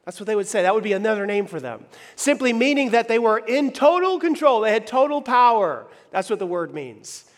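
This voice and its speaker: A man preaching a sermon in a church hall, emphatic, swinging between loud and hushed lines and asking the audience questions. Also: high-pitched, big pitch swings, fairly quick, hardly any pauses. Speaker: pastor.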